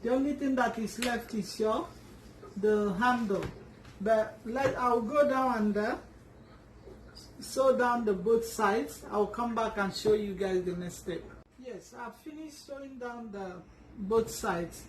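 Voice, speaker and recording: A sewing instructor with a fairly high voice explains a tutorial slowly and patiently, often stopping to rephrase, restarting and using fillers as she works. She sits back from a distant mic in an echoey room with a faint background hum.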